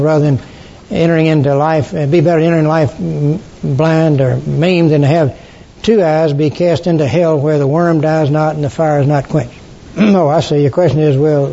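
A mellow-voiced older man teaches a Bible study class, halting frequently with fillers and throat clearing. The recording is dull and lo-fi, with a faint rumble.

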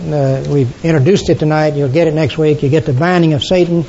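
An older man leads a Bible study class in a somewhat high, mellow voice. He halts often, filling pauses and clearing his throat. The recording is dull and lo-fi, with a faint rumble underneath. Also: fairly even intonation. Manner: halting, many uh fillers and throat clearing.

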